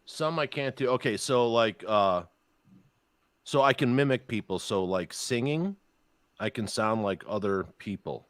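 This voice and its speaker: A podcast host from the Chicago area tells profane, jokey stories in a casual chat, slipping into voices along the way. His voice is fairly low with lively intonation, unhurried and free of echo.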